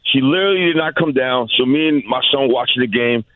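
A man's voice: mid-range voice, quick pace. Male caller over a tinny phone line. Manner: animated storytelling. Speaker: caller, father. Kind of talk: call-in story.

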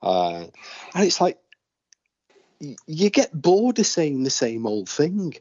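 A man's voice: on the high side, slow, no room sound, highs cut off. A man from Aberdeen with a Scottish accent, a podcast co-host chatting casually and telling anecdotes with lots of laughter. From Aberdeen, Scotland. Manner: animated storyteller, laughs often, acts out callers. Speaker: podcast co-host, ghost investigator. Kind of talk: casual chat.

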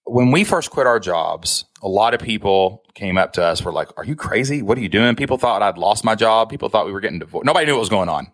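A man's voice: on the low side, expressive, fast, few pauses, no echo. A man, a podcast guest telling his story with candid, emotional earnestness and a frequent "man". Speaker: guest, online business founder.

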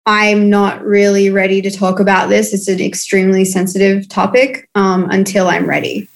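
Speaking at a moderate pace in a gravelly, mid-range voice with little pitch movement, an Australian woman in her thirties chats candidly as a musician guest on a video call. Her casual talk is full of fillers and restarts.

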